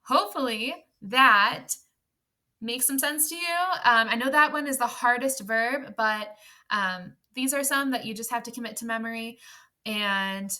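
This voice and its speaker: A woman's voice: fairly high pitch, a little slow, bright, forceful tone. A young woman teaching a video lesson in a chatty, upbeat way, often checking in with "right?". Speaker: Spanish teacher.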